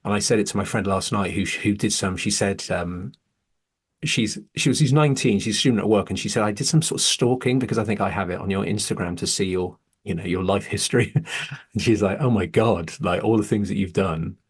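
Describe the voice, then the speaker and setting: A man's voice: lowish voice, a little fast, breathy edge. A man, hosting a podcast and talking candidly and earnestly, swearing when heated. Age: 40s. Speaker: podcast host. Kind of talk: candid casual conversation.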